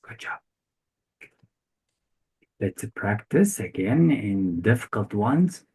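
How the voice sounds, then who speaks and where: An English test tutor quizzes a single student on grammar, repeating short questions in non-native phrasing. His lowish voice is very animated yet slow, creaky, a bit mellow and breathy, and the recording is rough.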